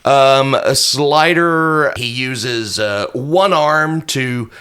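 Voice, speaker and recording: Guy with a sharp bright voice at a tabletop game, deadpan one-liners. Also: mid-range voice, very slow, smooth. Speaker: player. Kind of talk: casual tabletop play chat.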